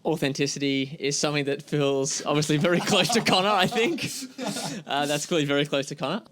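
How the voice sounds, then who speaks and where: Quick-talking Australian male host, fairly high voice, dry close sound, wry. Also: crowd noise. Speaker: channel host and drummer. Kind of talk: casual chat.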